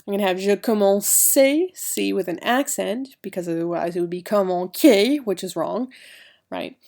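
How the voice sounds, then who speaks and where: A woman's voice: medium pitch, normal speed, creaky, darkish tone. A woman teaching a recorded French grammar lesson, explaining each step and spelling out letters.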